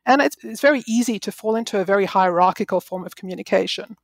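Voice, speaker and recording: A woman's voice: medium pitch, fast talker, no echo. Woman, researcher, interview answers, thoughtful, hedging, dry sound. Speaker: researcher on teamwork.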